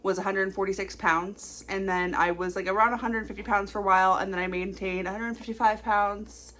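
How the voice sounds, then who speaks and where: A young woman in her twenties talking casually to camera in a confessional vlog, rambling quickly with lots of fillers. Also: medium pitch, steady tone, fairly bright tone. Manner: chatty, rambling, fast-talking with many fillers. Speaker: vlogger.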